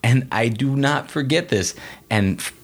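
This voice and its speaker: A man's voice: medium pitch, unhurried. A man interviewing a guest in a casual conversation, speaking earnestly and with emphasis.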